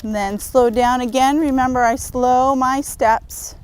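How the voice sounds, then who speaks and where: Calm woman training a horse outdoors. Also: sits high, measured pace, slight background noise, poor audio. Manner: calm, patient instructions, soft praise to the horse.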